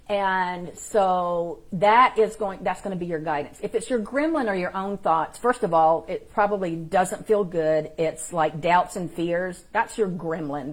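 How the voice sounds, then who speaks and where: A woman hosting a live-streamed spiritual teaching, talking informally and encouragingly, and greeting viewers in the chat by name. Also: on the low side.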